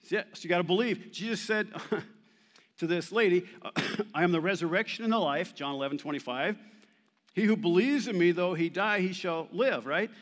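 A male pastor delivering an animated sermon, emphatic and sometimes playful, quoting scripture with rising force. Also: high voice, normal speed. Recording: long reverb of a large hall.

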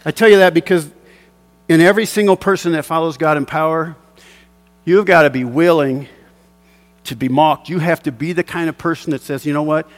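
A man's voice: a little high, normal speed, long pauses. A middle-aged man preaching as a pastor, moving between fervent exhortation and a chuckling personal fishing story. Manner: impassioned preaching with chuckling asides.

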